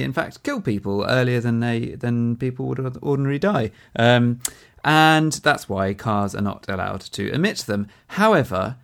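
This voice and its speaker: A man co-hosting a podcast, explaining a news story step by step in a casual chat, with many ums. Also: mid-range voice. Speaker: podcast co-host.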